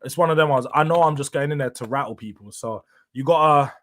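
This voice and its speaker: A man's voice: a little high, quick pace, a bit bright. A young man hosting a casual live stream, talking slangy and laughing often as he chats with viewers. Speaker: livestream host.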